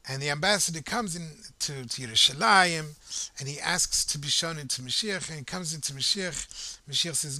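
A man telling a story in a lively, conversational way, addressing the listener directly and acting out the voices of crowds. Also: on the high side, moderate pace, no echo. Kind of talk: animated oral storytelling.

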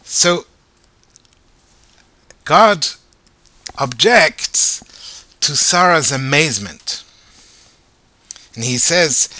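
A man teaching Torah in a lively way, asking his listeners rhetorical questions. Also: a little high, slow, pauses often, no room sound. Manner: animated, asks rhetorical questions.

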